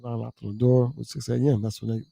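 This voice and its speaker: Guy telling a rough funny work story, gravelly and dark, dry close mic. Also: mid-range voice, quick pace, no echo. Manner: profane, animated, acts out quotes. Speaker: guest storyteller. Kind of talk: casual storytelling.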